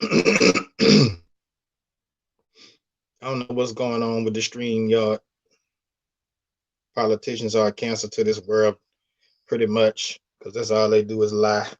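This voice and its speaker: A man's voice: on the low side, fairly even intonation, slow pace, pauses often. A man hosting a casual live stream, talking loosely in slang and reading out chat comments. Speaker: livestream host. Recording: dull lo-fi stream audio.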